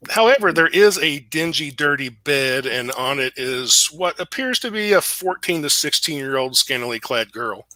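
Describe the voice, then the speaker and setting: Bright-voiced man running a tabletop game. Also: on the high side, normal speed, hardly any pauses, dry recording. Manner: relaxed, chuckling narration. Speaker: game master.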